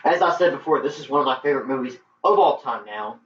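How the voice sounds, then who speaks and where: A man's voice: mid-range voice, lively intonation, fast talker, fairly bright tone, slight background noise. A man giving a casual spoken movie review, eager and rambling with lots of fillers. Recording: roomy, distant, dull lo-fi.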